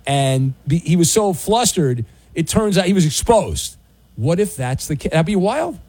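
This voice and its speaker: A man hosting a call-in radio show, joking around in casual banter and jumping up in pitch when flustered. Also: normal speed, slightly rough, no echo. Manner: animated, jokey, voice jumps high when flustered. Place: radio studio.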